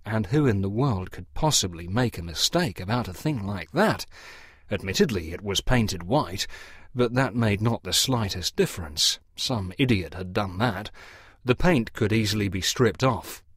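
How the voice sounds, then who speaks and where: A man narrating an audiobook story for English learners, reading in a measured, expressive way. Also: on the low side, husky, dry recording, studio quality.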